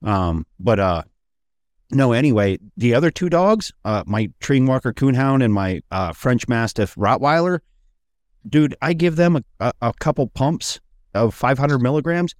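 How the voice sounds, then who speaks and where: A man's voice: medium pitch, animated, measured pace, dry recording, clean studio sound. A man hosting a podcast, telling loose, profane stories in casual chat. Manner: rambling, profane storytelling. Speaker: podcast host.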